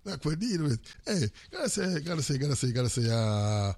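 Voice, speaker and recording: Hosting a radio show, a man with a Jamaican accent calls out greetings in repeated, animated shout-outs mixed with patois. His voice is on the high side and his pace a little fast.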